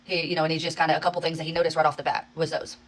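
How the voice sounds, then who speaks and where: Woman vlogger with a low voice, talking fast and swearing freely; casual phone-recorded storytime. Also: level tone, rough recording. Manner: rapid, profanity-laced, exasperated retelling. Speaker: social media creator.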